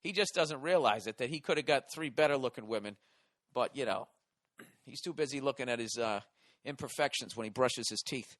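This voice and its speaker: A hoarse man hosting a podcast, delivering a profane, exasperated comedic rant. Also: medium pitch, brisk, fairly bright tone, no echo, clean studio sound. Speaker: podcast host.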